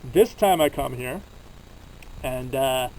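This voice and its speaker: At a desert campsite, a young vlogger from Canada tells his travel stories slowly and casually, wandering off track and leaning on fillers. His voice is medium-pitched and darkish, with slight background noise in a rough recording.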